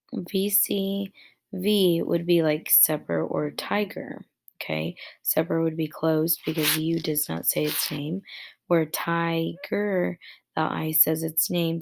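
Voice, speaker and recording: A woman teacher slowly explaining a phonics lesson to young students, patient and plain. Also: lowish voice, creaky, darkish tone. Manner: slow, patient explaining with fillers.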